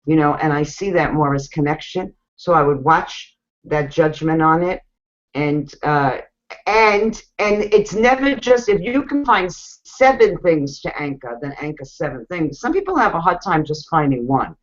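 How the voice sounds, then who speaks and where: A woman's voice: low-pitched, animated, normal speed, dull audio. A woman hosting a casual group coaching talk, frank and blunt, with mild swearing.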